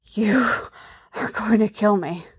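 A hardened loner of a bounty hunter, as a woman reads him speaks low and hushed, his voice kept near her own middle register. It is a story reading, not a full character voice. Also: takes it slowly, husky.

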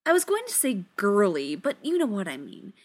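A woman voicing an anxious, excitable man who gets close to hysterical when flustered. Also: extremely slow, no room sound, full character voice. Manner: high-strung, rising to near-hysterical.

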